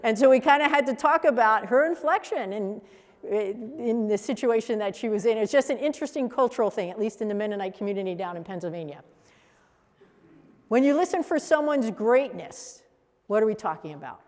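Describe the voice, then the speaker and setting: A woman's voice: on the high side, fairly quick. Woman teaching a workshop in an echoey hall. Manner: animated, acts out example voices. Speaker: coach trainer. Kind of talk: workshop teaching to a live group.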